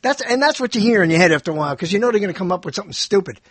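A man's voice: high-pitched, lively intonation, rapid-fire, a bit bright. A man hosting a casual chat, joking, repeating words and jumping in with questions.

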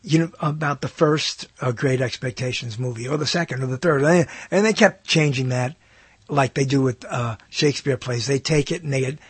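A man's voice: medium pitch, moderate pace, slightly rough, no echo. A man hosting his own talk show, rambling through a casual monologue with many self-interruptions and wry asides. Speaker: host.

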